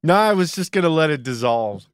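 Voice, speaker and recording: A man co-hosting a recap podcast, laid-back and deadpan in casual banter. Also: fairly high pitch, a little fast, smooth, no room sound, studio quality. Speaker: podcast co-host.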